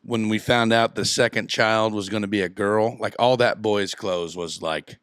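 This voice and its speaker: A man co-hosting a podcast, chatting casually and telling animated stories with loud laughs. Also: lowish voice, moderate pace, clear, resonant tone, no echo, clean studio sound. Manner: animated storyteller, laughs loudly. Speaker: podcast co-host.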